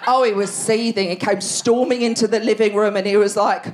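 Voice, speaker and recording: A woman in her forties performing a brash, animated stand-up routine on a theatre stage. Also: mid-range voice, brisk, hardly any pauses, a little hiss or hum. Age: 40s. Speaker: stand-up comedian.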